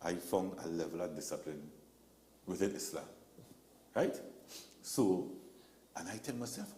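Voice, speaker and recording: A man tells stories as a talk show guest, lively and expressive, voicing the people he quotes. His pitch moves around a lot. The room gives a noticeable echo. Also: unhurried, pauses often, a little hiss or hum. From Trinidad and Tobago. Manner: animated storyteller, acts out quotes. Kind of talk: casual talk show conversation.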